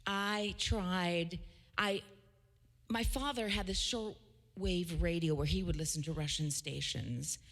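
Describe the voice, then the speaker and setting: A woman's voice: fairly low pitch, slow. A woman from Canada, a singer-songwriter, telling stories between songs in a chatty way, often restarting her sentences. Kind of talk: casual storytelling between songs.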